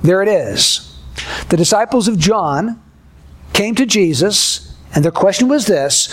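A male pastor preaching a sermon in a measured, deliberate way, building repeated contrasts. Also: sits high, animated.

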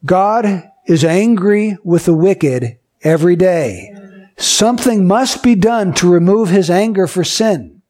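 A man preaching a sermon, explaining doctrine with everyday stories and slowing down to stress key phrases. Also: high voice, a little mellow.

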